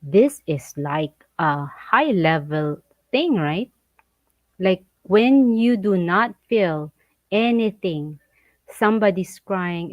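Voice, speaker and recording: A woman talks slowly and deliberately in a casual vlog chat, animated and often laughing. Her voice sounds close and dry with no room around it, and a little dull and muffled. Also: fairly low pitch, dry recording. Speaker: vlog co-host. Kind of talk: casual chat reading viewer comments.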